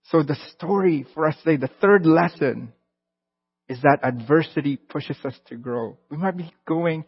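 A man's voice: fairly high pitch, normal speed, husky. A male pastor giving a conversational sermon, building to emphatic bursts, heard in a church hall. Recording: dull lo-fi sound with long hall reverb.

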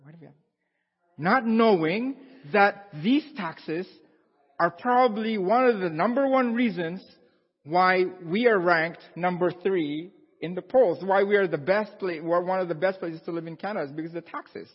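A man's voice: sits high, moderate pace, husky. A man preaching a casual, conversational sermon, repeating himself and asking his congregation questions. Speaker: pastor. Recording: dull sound with long hall reverb.

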